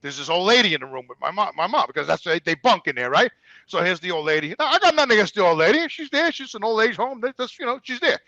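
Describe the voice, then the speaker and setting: High-pitched, profane storyteller. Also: male voice, big pitch swings, fast, pushed and bright, dry recording, lo-fi sound. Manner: profane, emphatic, acts out quoted voices. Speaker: guest storyteller. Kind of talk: casual storytelling.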